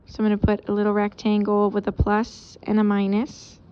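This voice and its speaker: A woman teacher giving a casual recorded lesson, explaining out loud while she sketches examples. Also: medium pitch, completely flat delivery, brisk, smooth, lo-fi sound.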